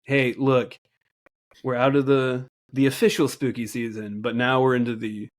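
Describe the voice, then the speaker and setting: A laid-back man co-hosting a podcast, with a wry, easy delivery and frequent laughter. His voice sits at an ordinary middle pitch for a man. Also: little pitch movement, normal speed. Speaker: podcast co-host. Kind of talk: casual banter.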